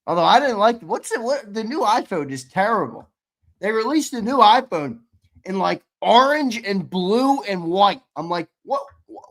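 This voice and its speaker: A man co-hosting a live sports stream, running a giveaway shuffle, reading viewer chat and shouting out winners, swearing casually. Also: high-pitched, very animated, moderate pace. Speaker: sports show co-host.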